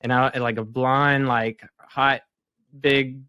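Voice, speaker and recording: A man's voice: mid-range voice, little pitch movement, takes it slowly, sharp tone, smooth, no echo, muffled recording. A man hosting a podcast interview, chatting in an easygoing way and laughing often. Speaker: podcast host. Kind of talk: casual chat.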